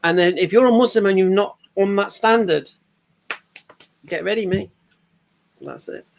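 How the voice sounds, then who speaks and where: A man tells a story in a relaxed group conversation. His voice sits slightly high, and he acts out the people he describes with lively energy. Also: normal speed, gravelly, slight background noise. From England. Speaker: panel guest sharing stories. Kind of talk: casual group chat.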